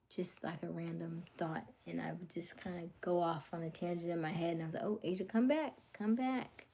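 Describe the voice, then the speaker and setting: A young woman chatting casually on her livestream, voice sitting a touch low. She rambles with lots of fillers and often sinks to a hushed, breathy near-whisper before coming back up to full voice. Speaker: livestream host.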